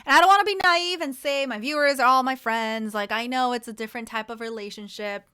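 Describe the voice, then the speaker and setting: A young woman streamer chatting casually with her viewers, rambling and quick to laugh. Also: on the high side, bright, forceful tone, smooth.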